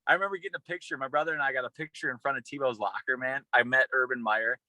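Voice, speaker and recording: Bright-voiced young man telling a story. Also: medium pitch, very fast, dry recording, rough recording. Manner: rambling, excited, with many restarts and fillers. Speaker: former college football player, radio personality. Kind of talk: casual storytelling interview.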